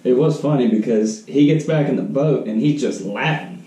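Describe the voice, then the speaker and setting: A man tells a fishing story in a laid-back way, chuckling and agreeing along. His voice sits in a middle pitch and is dark and mellow. He is recorded off-mic in an echoey room. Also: moderate pace, far from the mic. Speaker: podcast co-host. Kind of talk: casual chat.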